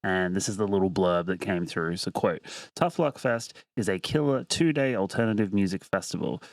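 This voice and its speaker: A man's voice: low voice, moderate pace, no room sound. An Australian man co-hosting a music podcast, laid-back and casual, laughing often and swearing offhandedly. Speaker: podcast co-host.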